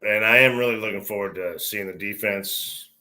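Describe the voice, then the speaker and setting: Man, podcast co-host, low-pitched, bright edge, blunt, swears a lot. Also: moderate pace. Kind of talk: casual chat over beers.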